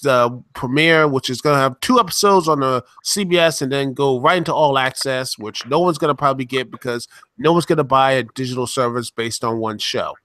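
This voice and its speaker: Bright-voiced man rambling casually. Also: medium pitch, brisk, hardly any pauses, no echo. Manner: rambling, many fillers and restarts. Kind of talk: casual chat.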